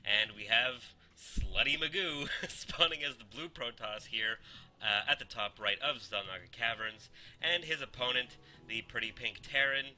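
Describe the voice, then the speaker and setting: A man's voice: medium pitch, measured pace, sharp tone, poor audio. A man casting a live strategy game tournament in a casual, joking way, laughing often. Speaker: esports caster.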